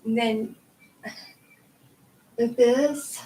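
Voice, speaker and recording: At home with her dog, a tarot channel host chats casually on her video channel while demonstrating yoga stretches, slightly winded. Her mid-range voice has fairly even intonation and a measured pace, though the low-quality recording carries a faint hiss or hum. She's chatty and rambling, laughing frequently and using "like" constantly.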